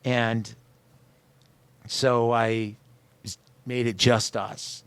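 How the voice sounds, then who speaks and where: A man speaks very slowly in a smooth, mid-range voice with no room sound. He's a singer-songwriter guest in a radio studio interview, telling personal stories animatedly and performing other people's lines.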